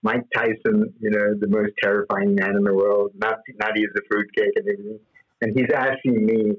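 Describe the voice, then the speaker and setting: A man's voice: lowish voice, little pitch movement, fairly quick, lo-fi sound. A man as interview guest, telling rambling stories with frequent laughs and fillers. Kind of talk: anecdotal interview storytelling.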